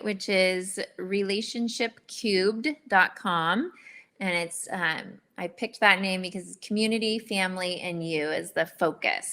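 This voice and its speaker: A middle-aged woman speaks as a guest in a relaxed interview. Her voice is bright and a little low-pitched, and she tells stories in an earnest, candid and animated way. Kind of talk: casual interview.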